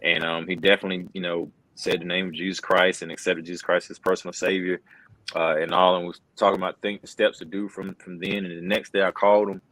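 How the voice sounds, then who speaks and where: A man's voice: low voice, level tone, quick pace, a bit bright, low-quality recording. A middle-aged wrestling commentator, telling an earnest personal story in a casual interview, full of fillers like "bro" and "man.".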